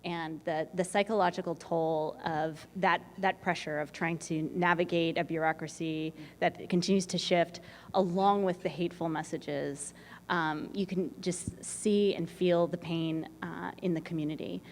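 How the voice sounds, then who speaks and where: A woman moderating an onstage conversation, speaking haltingly with many fillers. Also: fairly low pitch, fairly even intonation, a little mellow. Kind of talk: onstage interview. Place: large event hall. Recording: reverberant hall with faint noise.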